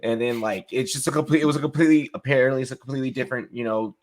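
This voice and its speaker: A man's voice: mid-range voice, very fast. Laid-back young man telling stories. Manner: laid-back, profane storytelling with laughs. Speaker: podcast co-host. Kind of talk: casual chat.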